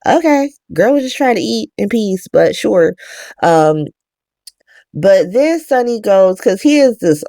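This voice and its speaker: Young woman recapping a soap, low-ish voice, dry close sound, swears casually. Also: darkish tone, no echo. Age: young adult. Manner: profane, chatty, laughs often. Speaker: soap opera recap host.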